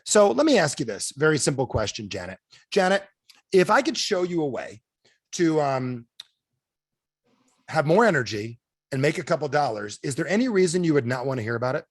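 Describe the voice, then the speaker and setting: Talking a little fast, a man coaches a sales training over video with lots of energy. He questions his audience constantly and performs quotes in a higher-pitched voice.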